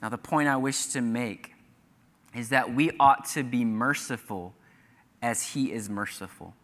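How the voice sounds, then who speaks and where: Man, pastor, earnest sermon, bright forceful tone, echoing church hall. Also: medium pitch, unhurried. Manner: earnest preaching, reads scripture aloud with emphatic rises. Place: church sanctuary.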